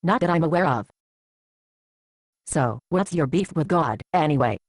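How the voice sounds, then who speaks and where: A woman's voice: deep voice, animated, normal speed, breathy edge, no echo. A woman playing a blunt churchgoing friend. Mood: matter-of-fact. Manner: blunt, dryly teasing. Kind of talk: amateur Bible drama acting.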